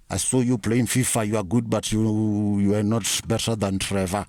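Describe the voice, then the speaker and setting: A South African man with a lowish voice rambles through a comic rant, swearing freely and sermonizing in mock earnest. The sound is dry and close, with no room around it. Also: flat delivery, moderate pace, few pauses, darkish tone, no echo. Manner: rambling, profane, mock-preachy. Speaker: comic storyteller.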